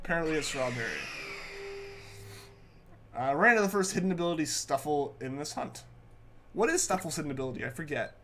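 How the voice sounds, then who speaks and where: A man's voice: on the high side, big pitch swings, a little fast, long pauses, a bit bright, soft background music. Congested young man chatting on stream. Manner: chatty, greets viewers, often repeats phrases. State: congested, recovering from a sore throat. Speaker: livestream host. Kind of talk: casual live-stream chat while gaming.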